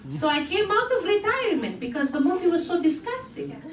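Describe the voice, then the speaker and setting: A woman putting on a bawdy older Greek lady with a thick Greek accent, high and swooping, who talks in broken grammar and cackles like a stand-up act. The voice is lively and theatrical. It comes from a pub stage, picked up from afar in an echoey room with a laughing crowd. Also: fairly quick, far from the mic. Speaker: stand-up comic. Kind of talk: character stand-up comedy. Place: pub stage at a variety show. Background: audience laughing.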